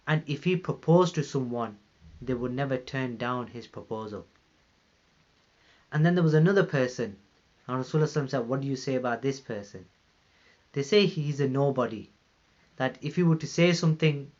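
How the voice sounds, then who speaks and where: A man's voice: mid-range voice, lo-fi sound. A British man giving a Ramadan talk at a mosque, retelling a story in an earnest way, often saying "you know". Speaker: mosque speaker.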